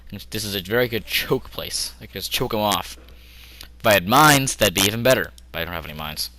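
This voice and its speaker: A man's voice: lowish voice, lively intonation, brisk, bright, forceful tone, no room sound, low-quality recording. A young man giving rambling, joking commentary while playing a strategy game at his computer, often talking to himself. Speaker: gameplay commentator. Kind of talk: casual gameplay commentary.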